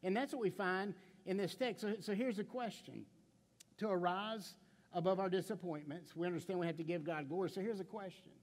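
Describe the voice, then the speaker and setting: High-voiced preaching man, big hall echo. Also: brisk. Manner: conversational preaching, stammering restarts, rhetorical questions; playful storytelling with acted quotes. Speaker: pastor. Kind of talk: sermon. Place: church sanctuary.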